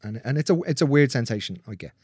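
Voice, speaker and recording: A man's voice: medium pitch, lively intonation, fast, darkish tone, husky, no room sound, studio quality. Blunt, swearing male therapist. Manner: blunt, swears freely, acts out quoted voices. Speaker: manual therapist. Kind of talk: casual storytelling in conversation.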